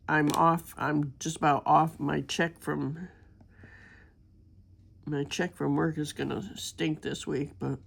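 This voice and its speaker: An older woman with a gravelly voice and a sore throat from being sick, rambling in a homey, chatty way while she works on a craft. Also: sits low. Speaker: crafting vlogger. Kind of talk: casual chat while diamond painting.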